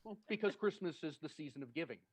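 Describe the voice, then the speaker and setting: A man's voice: fairly high pitch, animated, fast talker, slightly rough. A man doing stand-up over a video call, telling a story in a chatty, self-deprecating way and laughing at his own lines. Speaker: stand-up comedian. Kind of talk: stand-up storytelling on a virtual show. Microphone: home setup on a video call.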